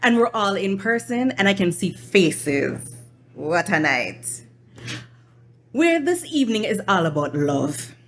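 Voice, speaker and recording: A woman with a Jamaican accent telling a story live to an audience, deliberate and engaging the crowd. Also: mid-range voice, sing-song, slight background noise. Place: live event venue with audience.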